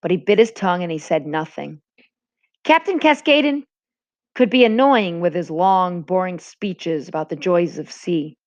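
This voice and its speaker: A woman, a teacher, reading a novel aloud to a class with a brisk, expressive delivery. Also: on the low side. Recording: dull lo-fi recording.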